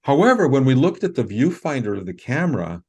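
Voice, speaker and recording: Speaking in a medium-pitched, sing-song voice that's a little mellow and slightly rough, a man tells a story as a guest on a video call interview. He's earnest yet halting, with lots of fillers and false starts.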